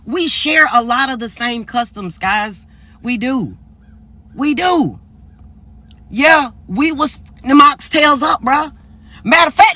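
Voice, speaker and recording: A woman's voice: sits high, slow, long pauses. A woman from upstate South Carolina, giving emphatic, playful commentary to camera. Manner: animated, emphatic, playful slang.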